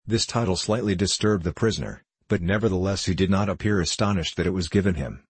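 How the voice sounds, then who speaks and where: A man narrating a classic novel as an audiobook in a measured, even way. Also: deep voice, slightly rough, no room sound.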